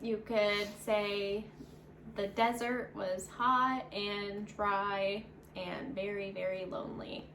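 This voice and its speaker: A woman co-hosting an English lesson, briskly introducing words and reading example sentences. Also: medium pitch, flat delivery, fairly bright tone. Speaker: English teacher, co-host. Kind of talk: casual teaching. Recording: echoey room, faint background noise.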